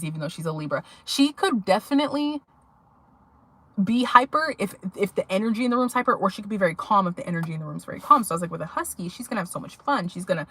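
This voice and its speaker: A woman's voice: mid-range voice, a bit bright, slightly rough. A young adult woman vlogging to her viewers, telling a rambling story in a chatty way with many fillers. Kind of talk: casual chat to viewers.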